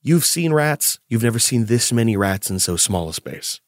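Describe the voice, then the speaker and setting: A man narrates a tabletop game as its game master, describing each scene in a steady, even way. His pitch sits in the middle. The sound is dry and close. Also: moderate pace, no room sound.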